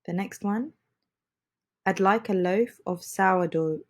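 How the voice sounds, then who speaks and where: A woman teaching an English lesson, feeling a little under the weather, repeating phrases slowly and patiently for learners. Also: mid-range voice. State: under the weather, slightly congested.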